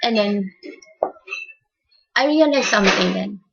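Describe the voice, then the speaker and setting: A woman giving an emotional faith testimony in a soft, tearful voice, halting and repeating her words. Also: mid-range voice, lively intonation, creaky, noisy background. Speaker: speaker giving a personal testimony. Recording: dull lo-fi recording.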